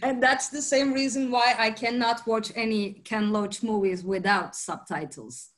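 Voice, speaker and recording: A woman interviewing a guest in English, friendly and laughing often, with halting phrasing. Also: fairly high pitch. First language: Turkish. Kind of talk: casual interview chat.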